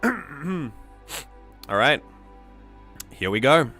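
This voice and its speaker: A man with a South African accent, hosting and reading a community-written story aloud, breaking into animated, excitable asides between passages of steady narration. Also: medium pitch, drawn-out words, pauses often, soft background music. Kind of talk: story reading with casual commentary.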